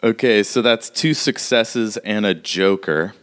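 A man acts as game master for a tabletop game, narrating combat in a casual, vivid way with plenty of fillers. His voice is smooth and clear and sits fairly low. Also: a little slow, fairly bright tone.

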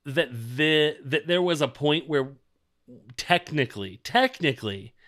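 Recapping a TV episode in relaxed podcast chat, this male co-host rambles and leans on fillers. His voice is a little high and a bit bright, with big pitch swings at a measured pace.

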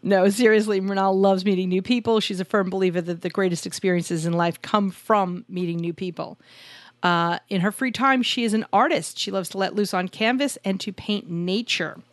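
A woman's voice: mid-range voice, fairly even intonation, normal speed, no echo. A woman co-hosting a podcast about couples in business, chatty and self-deprecating, joking as she introduces guests. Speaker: podcast co-host. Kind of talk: casual podcast chat. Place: home studio in Arizona.

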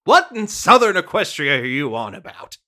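A woman voicing a gruff, suspicious Western saloon-owner pony with a folksy drawl, reading a storybook aloud. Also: low voice, big pitch swings, normal speed, sharp tone, pitched below the performer's own voice, heavily acted.

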